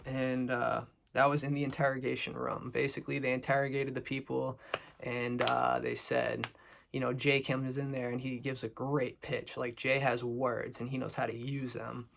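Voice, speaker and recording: A man's voice: medium pitch, flat delivery, normal speed, gravelly, fairly bright tone, slight background noise. A man from Boston giving a rambling, profane, joking recap of a reality show episode. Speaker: recap video host. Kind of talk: casual recap commentary.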